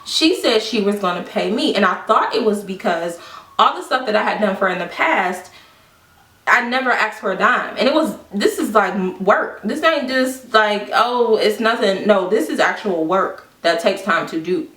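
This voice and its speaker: Animated woman telling a story. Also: mid-range voice, normal speed. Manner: animated, quotes people in exaggerated voices. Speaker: vlogger. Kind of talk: casual storytelling to camera. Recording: echoey room, mic at a distance.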